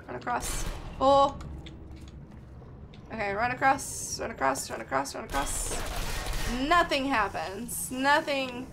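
A woman's voice: sits high, slow pace, creaky, long pauses, noisy background. A young woman streaming a game live, thinking aloud in a chatty way and greeting her viewers by name. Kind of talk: live gameplay chat with viewers.

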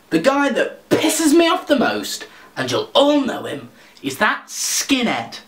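A man rants in a comedic vlog, swearing freely and full of sarcasm. His voice sits high and leaps around in pitch, and it echoes in a roomy space. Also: big pitch swings, unhurried, a bit bright. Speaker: vlogger.

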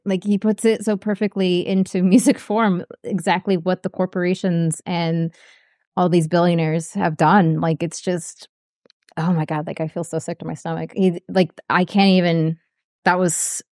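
A woman reacting to a music video in casual commentary, halting and emotional, with many fillers and apologies. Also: fairly low pitch, darkish tone, no room sound, clean studio sound. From grew up poor.

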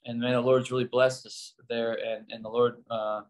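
As a guest in a casual interview, a pastor from the United States who previously served as a missionary tells stories in a medium-pitched voice at normal speed. He acts out the quoted dialogue with animation and a raised voice.

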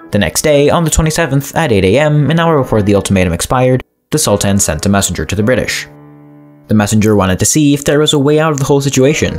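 A man reads a scripted history explainer in a lively, swooping voice. He keeps stepping out of the story with wry asides to the viewer. Faint music plays softly underneath. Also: on the low side. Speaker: narrator of a history explainer channel. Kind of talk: scripted narration.

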